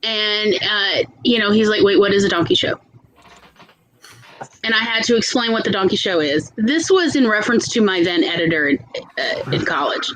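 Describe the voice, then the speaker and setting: Bright, sharp-toned chatty woman. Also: mid-range voice, lively intonation, poor audio. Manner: wry, quick to laugh, storytelling. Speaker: guest in a writing chat. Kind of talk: casual chat.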